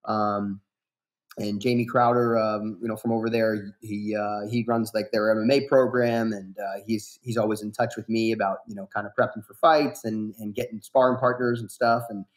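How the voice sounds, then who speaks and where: A man in his thirties, a fighter guest on a podcast, talking in a relaxed, rambling way full of fillers and restarts. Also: fairly low pitch, moderate pace. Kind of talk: casual podcast interview.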